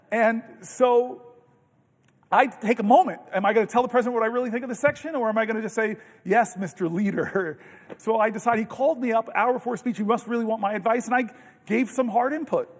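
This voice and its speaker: A man with a notably high voice delivers a long, unscripted floor speech, earnest and animated, stumbling over restarts as he tells his stories. His words ring out with the long reverb of a big legislative chamber, picked up by a podium mic. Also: a little fast, long pauses. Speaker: senator giving a floor speech.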